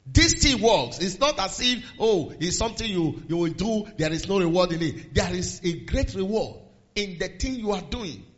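A man preaching a sermon, swinging from low murmurs to raised exhortations and quoting scripture in old-fashioned phrasing. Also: animated, moderate pace, highs cut off. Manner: quotes scripture in King James phrasing.

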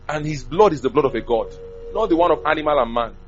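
Lively preacher man. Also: fairly high pitch, fast, muffled recording. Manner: animated preaching, swinging from loud to soft. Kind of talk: sermon.

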